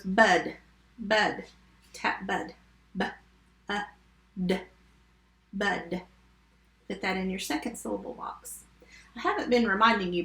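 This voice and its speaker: Working remotely, a woman teaches first graders phonics, sounding out words slowly and giving patient, step-by-step directions. Her mid-range voice is gravelly with a fairly bright tone, and the room echoes.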